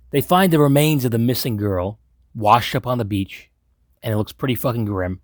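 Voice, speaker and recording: A man's voice: medium pitch, no echo, clean studio sound. A man from Long Island, recapping a movie in a blunt, sarcastic way and swearing freely. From Long Island, New York. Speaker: movie commentator. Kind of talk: profane movie recap commentary.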